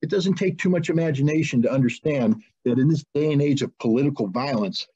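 An interview guest answers with passion and indignation, building up to emphatic rhetorical questions. His mid-range voice is dark and husky, a little fast, and the audio is dull and lo-fi.

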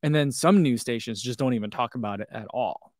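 Male host, 30s, mid-pitched, casual rambling chat, self-deprecating, dry close mic. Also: fairly quick, darkish tone, dry recording. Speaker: running channel host. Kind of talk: casual chat reading live comments.

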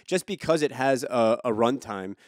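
A man's voice: medium pitch, expressive, normal speed, no echo, clean studio sound. A man on a podcast, casually telling a crude story, repeating and restarting words. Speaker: podcast co-host.

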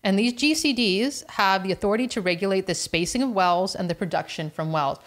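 A woman talks through home inspection topics in a casual podcast chat. She explains things in a chatty way, backing up and restarting, at a medium pitch. It sounds like an easygoing co-hosted show. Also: brisk.

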